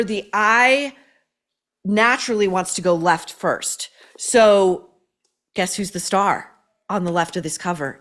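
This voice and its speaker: A woman's voice: fairly low pitch, a bit bright. A woman hosting a podcast, giving blunt, profane, sarcastic pop-culture commentary, full of "like" and "okay?". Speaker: podcast host.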